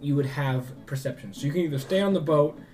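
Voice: mid-range voice, quick pace, a little mellow. A game master narrating a tabletop game with a rambling, filler-heavy delivery. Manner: rambling, many "like" and "um".

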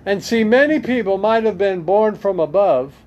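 A man teaching scripture, reading verses aloud and pausing to comment on them in a slow, deliberate way. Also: high-pitched, animated, darkish tone, muffled recording. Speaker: preacher.

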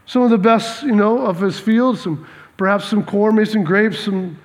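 A male pastor preaching an animated sermon, often repeating words and acting out dialogue. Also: sits high, normal speed. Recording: long reverb of a large hall.

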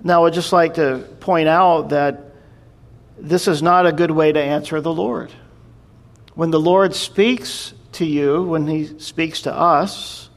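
Man preaching, chatty scripture storyteller, voice a bit high. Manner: conversational storytelling, explaining scripture. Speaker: pastor. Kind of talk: sermon.

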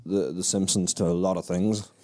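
A man chatting casually as a podcast co-host, his voice low and mellow. He talks bluntly in short remarks and teases his co-host. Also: steady tone, moderate pace. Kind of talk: casual chat.

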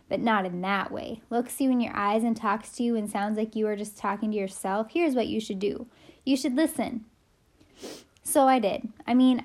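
A woman's voice: fairly high pitch, darkish tone. A woman narrating a first-person audiobook in a spirited, folksy storytelling voice.

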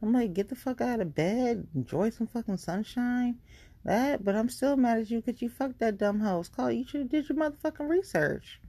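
Woman podcaster, blunt and profane, warm low voice, dry close sound. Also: dry recording. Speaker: podcast host. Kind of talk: casual ranting monologue.

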